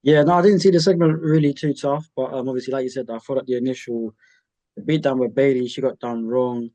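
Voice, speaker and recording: A man's voice: mid-range voice, steady tone, a little fast, dark tone. A man co-hosting a casual wrestling chat, easygoing and upbeat. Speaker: podcast co-host.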